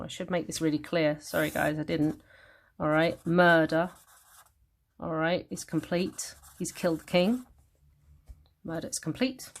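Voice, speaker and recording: A woman with a British accent teaching a revision lesson. She thinks aloud, corrects herself and reads verse lines slowly. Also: fairly low pitch. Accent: British English. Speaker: English literature tutor. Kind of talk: revision lesson, annotating a text.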